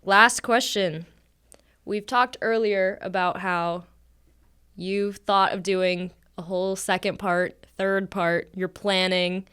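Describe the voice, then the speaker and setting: A woman's voice: medium pitch, fairly even intonation, slow, fairly bright tone, clean tone. A woman leading a casual interview, asking questions in an upbeat way and giggling now and then. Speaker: interviewer, co-host.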